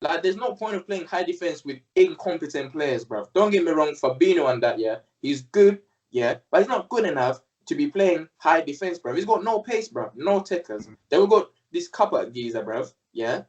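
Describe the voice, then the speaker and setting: A man's voice: fairly high pitch, lively intonation, moderate pace, darkish tone, far from the mic, muffled recording. A young man, co-hosting a casual football chat and ranting heatedly in slang. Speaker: co-host.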